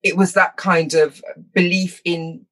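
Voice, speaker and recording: Bright-voiced woman. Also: fairly low pitch. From London, England. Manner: lively and self-mocking, laughs often, slips into quick impressions. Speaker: interviewee. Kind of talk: personal storytelling in conversation.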